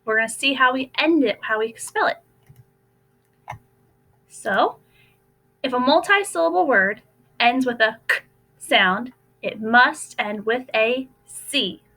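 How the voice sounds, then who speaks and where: A young woman teacher giving a recorded phonics lesson to first graders, slowly sounding out letters and words. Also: on the high side, bright, forceful tone.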